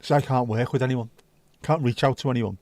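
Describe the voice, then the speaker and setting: Scouse male streamer, warm low-key tone, dry close sound, rambling casual chat. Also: steady tone, fairly quick, dry recording. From Liverpool, England. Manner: chatty, rambling, swears freely. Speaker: livestream host.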